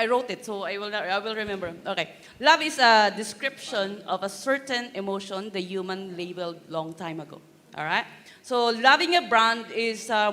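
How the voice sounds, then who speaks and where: Bright, crisp panelist voice, uneven loud-soft delivery, long hall reverb. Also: medium pitch. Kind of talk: conference panel answer. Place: conference hall.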